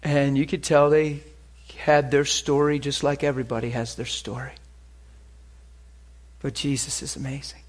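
A man preaching a sermon, animated and full of stories, moving between loud exclamations and quiet, hushed asides. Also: medium pitch, moderate pace.

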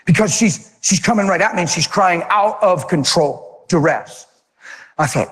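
A man preaching, telling a personal testimony in an animated, emotional storytelling manner. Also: sits high, normal speed, in a large hall. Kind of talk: sermon testimony.

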